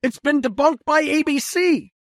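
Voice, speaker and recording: A man with a high voice co-hosts a political talk show. He speaks in an animated way and trips over repeated words. The recording is close and dry. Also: normal speed, no echo. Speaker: podcast co-host. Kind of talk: political commentary.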